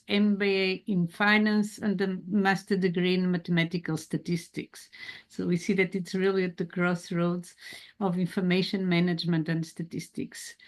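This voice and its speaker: A woman moderating an academic webinar, reading a measured, formal introduction of the guest. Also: mid-range voice. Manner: measured, reads a prepared introduction.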